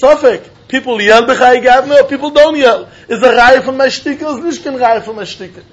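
Husky high-voiced man teaching Talmud. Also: brisk. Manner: animated, sing-song, laughs often. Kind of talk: Talmud study lecture. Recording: dull lo-fi recording.

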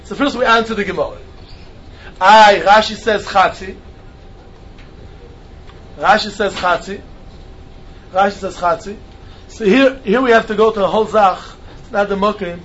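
A man giving an animated Talmud class lecture, mixing Hebrew and Yiddish terms into his English. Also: high-pitched, brisk. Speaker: Talmud teacher. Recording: dull lo-fi recording with faint noise.

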